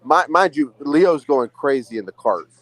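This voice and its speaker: Profane, animated man telling a story. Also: fairly high pitch, unhurried, low-quality recording. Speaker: podcast co-host. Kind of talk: casual storytelling chat. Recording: remote call from a phone.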